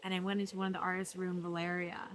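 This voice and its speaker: Earnest woman vlogging, soft and emotional. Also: fairly low pitch, flat delivery, fast talker, a little hiss or hum. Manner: emotional, earnest, often softly spoken with laughs. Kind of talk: reflective personal vlog. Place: art residency.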